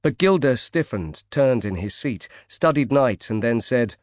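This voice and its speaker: A man narrates an audiobook in a measured, steady way. His voice sits in a middle pitch. The recording is close and dry, with no room sound. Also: dry recording. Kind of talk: scripted narration.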